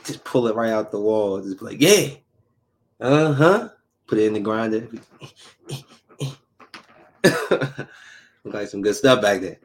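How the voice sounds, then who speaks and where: A man's voice: fairly low pitch, fairly even intonation, measured pace, long pauses. A man in a casual vlog, bluntly reviewing a show, rambling and repeating himself for emphasis. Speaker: vlogger reviewing shows. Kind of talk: casual chat.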